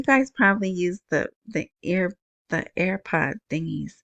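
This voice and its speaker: A woman with a small, soft voice talks unhurriedly, drifting from point to point as she hosts her podcast. She speaks into an earbud mic, and the sound is close and dry, with no room around it. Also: lowish voice, animated, measured pace, no room sound. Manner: rambling, chatty, self-interrupting. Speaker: podcast host. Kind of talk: casual solo podcast talk. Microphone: wired earbud mic.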